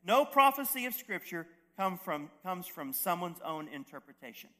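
A man's voice: high-pitched, big pitch swings, normal speed, bright, forceful tone. A man preaching a sermon as a pastor, conversational, with restarts and asides to the congregation.

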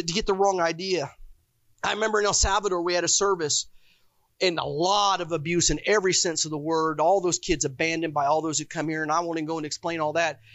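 A man's voice: sits high, fairly bright tone, dry recording. Man, preacher, fervent testimony sermon, emotional storytelling, dry sound. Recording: dull, dry lo-fi recording.

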